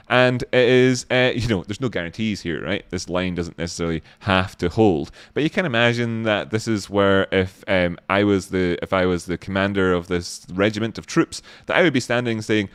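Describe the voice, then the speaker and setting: Smooth-voiced man hosting a casual stream. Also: on the low side, no echo. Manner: rambling, joking, reads viewer comments aloud. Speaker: livestream host. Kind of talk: casual livestream chat.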